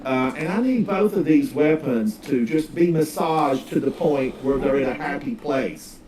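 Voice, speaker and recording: A man's voice: a little high, moderate pace, a crowd in the background. A man from the North Carolina mountains with a Southern accent, chatting casually and rambling in folksy asides while he streams a game. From North Carolina, Smoky Mountains. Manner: rambling, folksy, drawls out words. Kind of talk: casual gaming livestream chat. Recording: distant mic, faint background noise.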